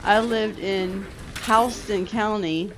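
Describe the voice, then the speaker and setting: A woman's voice: mid-range voice, steady tone, takes it slowly, poor audio. A woman chiming in with short remarks in a casual chat with friends on a game stream. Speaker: gamer on a group stream. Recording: loud crowd noise behind.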